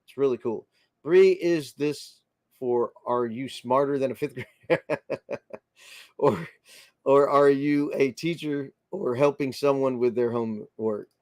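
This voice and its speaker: A man's voice: mid-range voice, unhurried, darkish tone, no room sound, studio quality. An American man hosting a casual livestream, greeting viewers by name and chatting through their comments in a friendly, rambling way. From United States. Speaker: livestream host.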